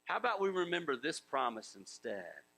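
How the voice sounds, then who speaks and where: A man preaches in a relaxed, conversational way and keeps acting out the voices of biblical figures. His voice sits a little high and bright, with a gravelly edge. A low mains hum runs under the recording. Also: normal speed, rough recording. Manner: conversational, acts out biblical voices, chuckles often. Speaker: pastor. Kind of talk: sermon.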